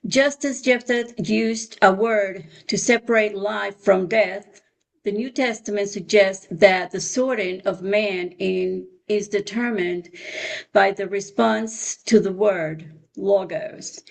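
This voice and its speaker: Woman class member reads aloud slowly, gravelly voice, halting. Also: mid-range voice, rough recording. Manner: slow, halting reading, stumbles over words. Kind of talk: reading a text aloud.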